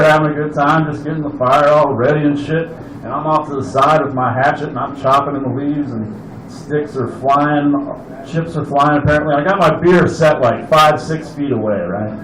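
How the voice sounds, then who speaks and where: A man's voice: a little high, reverberant, slight background noise, low-quality recording. Profane rambling stand-up comic man. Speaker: stand-up comedian. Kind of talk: open mic stand-up. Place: open mic venue.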